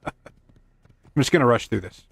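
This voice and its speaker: A man streaming a video game speaks unhurriedly, with no room sound. He wanders through casual commentary, makes self-deprecating quips, and chats to his horse in the game.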